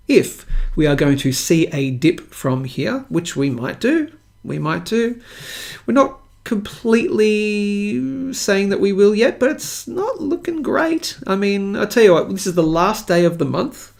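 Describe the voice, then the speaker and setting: Aussie guy rambling on a live stream, kinda high voice with lots of gravel, goofy and self-mocking. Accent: Australian. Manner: playful, rambling, jokes at himself. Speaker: live-stream show host. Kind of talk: casual live-stream chat with viewers.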